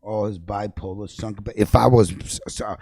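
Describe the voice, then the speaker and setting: A man ranting angrily on a livestream, cursing a lot, repeating himself, and jumping between low mutters and loud outbursts. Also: steady tone, normal speed, husky, no echo, clean studio sound. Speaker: livestream host. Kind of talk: profane ranting commentary.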